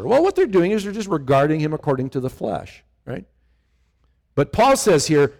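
A man's voice: a little high, a little fast. A middle-aged male pastor preaching a conversational sermon, often asking his listeners questions. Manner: animated, conversational, asks the congregation questions.

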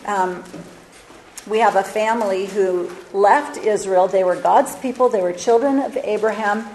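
A woman's voice: mid-range voice, a little slow, darkish tone, poor audio. Woman, Bible teacher, sermon, conversational storytelling, reads scripture aloud.

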